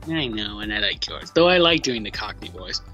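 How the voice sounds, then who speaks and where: A man talks casually on a live stream, loose and quick to swear, answering a co-host off mic. His voice is bright and lively, rising and falling a lot, with soft music playing behind him. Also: lowish voice.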